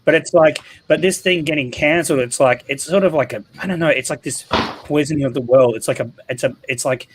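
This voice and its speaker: A man's voice: fairly high pitch, brisk, background noise. A man co-hosting a heated podcast chat, rambling with lots of fillers and talking over others. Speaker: podcast co-host.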